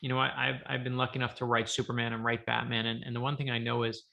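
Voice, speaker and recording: A middle-aged author, a man, chatting as an interview guest and telling lively stories, acting out the voices of the people in them. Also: mid-range voice, quick pace, gravelly, muffled recording. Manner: animated storyteller, acts out quoted voices. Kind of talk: casual interview chat.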